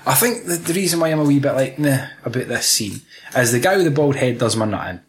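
A man's voice: medium pitch, expressive, quick pace, slight background noise. A Scottish man chatting casually about a film, full of slang and swearing.

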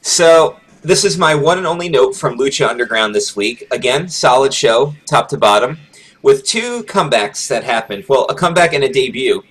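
A man hosting a podcast in casual chat, talkative and quick to laugh. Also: mid-range voice, lively intonation, a bit bright, husky, rough recording. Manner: chatty, laughs easily. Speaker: podcast host.

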